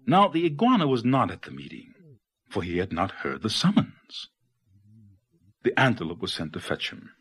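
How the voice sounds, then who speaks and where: A man reading a children's picture book aloud as the storyteller, with expressive delivery and playful sound effects. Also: on the low side, normal speed, husky.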